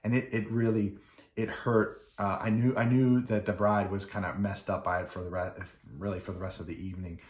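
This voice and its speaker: A middle-aged wedding DJ tells a story in a loose, rambling way, full of fillers and restarts. His voice sits low. The room around him is echoey. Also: little pitch movement, a little fast. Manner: rambling with many fillers and restarts, acting out quoted people. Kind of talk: casual storytelling.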